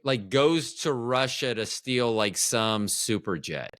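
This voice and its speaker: A man's voice: mid-range voice, lively intonation, slow, a bit bright, dry recording. A man in his fifties, a film producer guest on a podcast, talking in a rambling, enthusiastic way with many restarts. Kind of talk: casual podcast chat.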